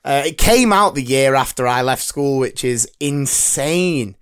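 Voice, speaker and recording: A man in his thirties trades playful banter on a podcast. His voice sits at an ordinary middle pitch, and he teases and laughs easily as the chat runs on. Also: animated, unhurried, fairly bright tone, clean tone. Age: 30s. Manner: teasing, laughs often. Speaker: podcast co-host. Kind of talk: casual banter.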